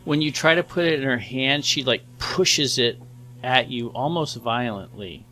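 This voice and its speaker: A man narrating as game master of a tabletop horror game, unhurried and descriptive. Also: mid-range voice, sharp tone, poor audio.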